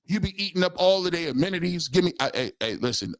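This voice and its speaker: On his live sports talk stream, a forties-aged male host tells funny stories and performs the voices of the people he describes. His voice is high, expressive and fast, in a dry recording.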